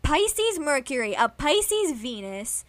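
A young woman chatting casually as a podcast co-host, rambling and animated as she gushes like a fan. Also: sits high, takes it slowly, no room sound. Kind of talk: casual chat.

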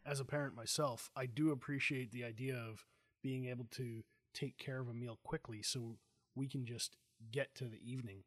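Middle-aged male host, mid-range voice, dry sound, animated and chatty storyteller. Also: mid-range voice, normal speed, no room sound. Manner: animated storyteller, acts out quotes. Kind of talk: casual interview chat.

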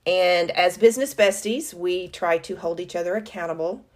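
Woman, podcast co-host, casual business chat, low pitch, conversational with self-corrections. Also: moderate pace.

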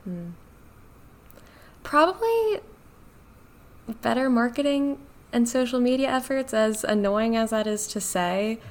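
A woman's voice: on the high side, expressive, takes it slowly, pauses often. A young woman, a guest in an interview, talking in a chatty, upbeat way, saying "like" a lot and laughing easily. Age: young adult. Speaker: guest in business development. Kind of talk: casual interview chat.

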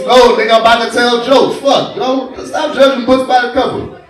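A young stand-up comic from New Orleans, crude and swaggering, with a high voice and his own accent. He is recorded live in a bar from a distance, so the sound booms back off the room. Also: fairly even intonation, a little fast, heavy reverb. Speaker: stand-up comedian. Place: bar stage.

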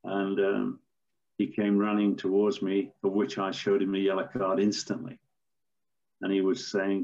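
An older man, a former referee, telling stories in a measured, storytelling way with some fillers. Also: sits low, little pitch movement, creaky, darkish tone, muffled recording. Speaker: former football referee, podcast guest. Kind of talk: anecdotal interview answers.

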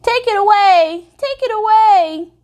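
A woman putting on a scared, pleading little girl. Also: a little mellow. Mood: frightened. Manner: high, slow, whiny pleading.

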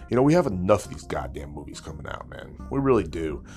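Low voiced guy ranting on his podcast, cussing nonstop, sarcastic and mocking, faint music under it. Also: very animated, fast talker, hardly any pauses, darkish tone. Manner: crude, sarcastic, mocking, swears constantly. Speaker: podcast host. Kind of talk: profane comedic rant.

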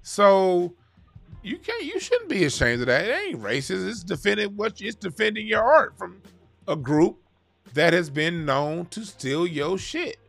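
A man in a casual, heated chat, talking in a profane, animated way. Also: high-pitched, a little slow, vocal fry. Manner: animated, profane, mocks other music with sung sounds.

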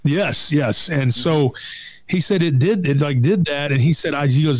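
Animated middle-aged man telling a tale. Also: medium pitch, brisk, no room sound. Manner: animated retelling, acts out quoted voices. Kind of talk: casual storytelling chat.

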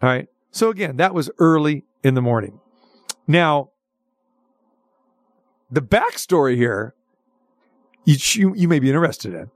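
A male talk show host telling a long story in a chatty, animated way, with lots of restarts. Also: fairly high pitch, unhurried, pauses often, dry recording, clean studio sound. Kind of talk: casual storytelling chat.

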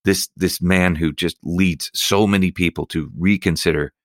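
A man's voice: low voice, steady tone, normal speed, no room sound, clean studio sound. A man hosting an interview podcast, introducing his guest and asking questions with open enthusiasm. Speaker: podcast host.

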